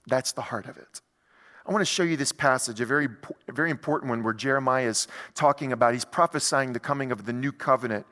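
A man's voice: mid-range voice, quick pace. Man preaching in a reverberant hall. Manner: conversational, animated preaching with rhetorical questions. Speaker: pastor. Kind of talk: sermon.

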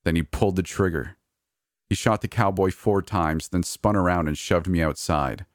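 A man narrates a serialized first-person story in a measured, even way. His voice is very low and deep. The recording is dry, with no room echo.

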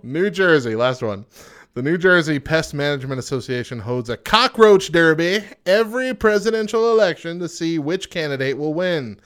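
A man's voice: fairly high pitch, lively intonation, moderate pace, fairly bright tone, smooth. A young man hosting a casual chat show, reading out odd news items and joking about them. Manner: reads facts aloud then jokes. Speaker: podcast host.

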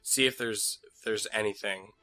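A man playing a tabletop game, talking quickly and haltingly with many likes. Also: lowish voice, fairly even intonation, bright, forceful tone, no echo, faint music behind. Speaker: player. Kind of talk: casual chat.

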